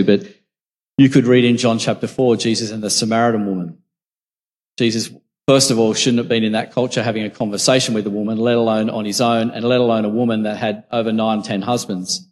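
Male preacher in a reverberant hall. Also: lowish voice. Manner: reflective, conversational storytelling. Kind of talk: sermon. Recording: long reverb from a large hall.

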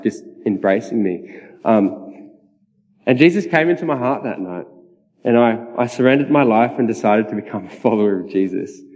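Speaking in a mid-range voice with a darkish tone, a preacher shares his personal testimony in a relaxed, conversational sermon, laughing often. The recording sounds dull and reverberant, as in a hall.

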